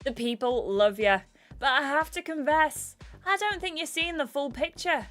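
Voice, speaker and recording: A woman reading game dialogue aloud as a bubbly, starstruck young female VIP host with gushing, excitable fangirl chatter. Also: high-pitched, moderate pace, soft background music. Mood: gossipy.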